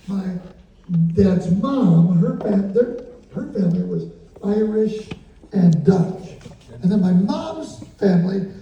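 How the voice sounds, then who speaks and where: A man's voice: high voice, vocal fry, warm tone, echoey room, lo-fi sound, slight background noise. A man answering an audience's questions in a casual, jokey way, acting out voices and drum sounds as he tells stories, recorded from a distance in an indoor venue. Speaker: guest drummer answering questions. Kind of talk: casual storytelling Q&A.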